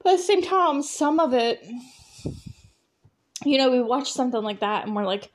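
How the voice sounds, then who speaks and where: A woman with a slightly high voice hosts a podcast on her own, talking in a loose, casual way. She laughs often between thoughts and leans on plenty of fillers as she rambles along. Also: expressive, normal speed, pauses often. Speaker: podcast host. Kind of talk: casual solo chat.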